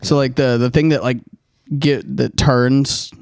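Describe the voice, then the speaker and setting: A man in his twenties co-hosting a podcast, telling a rambling story and often laughing. He quotes other people in a high put-on voice. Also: fairly even intonation, unhurried, gravelly, a little mellow, clean tone, no echo, studio quality. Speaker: podcast co-host. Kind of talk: casual storytelling chat.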